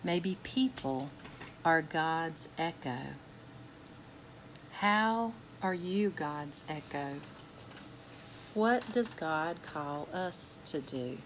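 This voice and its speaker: Slow, gentle woman reading a children's story. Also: low voice, animated, a little hiss or hum. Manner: gentle, asks listeners questions between passages. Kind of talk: reading a picture book aloud to children.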